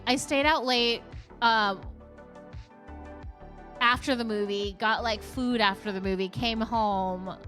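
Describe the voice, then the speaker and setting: A woman's voice: mid-range voice, fairly bright tone. A young woman streamer chatting casually with her live viewers, rambling and laughing often.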